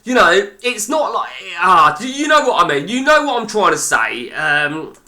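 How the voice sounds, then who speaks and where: A man's voice: high-pitched, very animated, normal speed, bright, forceful tone. A man streaming live, giving blunt, sweary, rambling commentary on a football management game.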